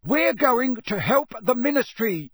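A man voicing a middle-aged father who shouts urgent orders to his children. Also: extremely high pitch, sing-song, unhurried, slightly rough, no room sound, clean studio sound, pitched above the performer's own voice, exaggerated voice.

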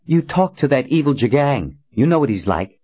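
A man voicing a pleading, insistent young woman who taunts and accuses in a high voice. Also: very animated, moderate pace, breathy edge, no room sound, full character voice. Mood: accusing. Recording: dull dry recording.

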